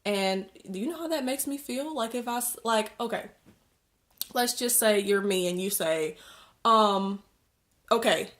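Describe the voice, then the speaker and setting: A woman's voice: a little high, unhurried, a bit bright. A young woman vlogging in a casual, rambling rant with sarcastic asides. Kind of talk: casual ranting vlog.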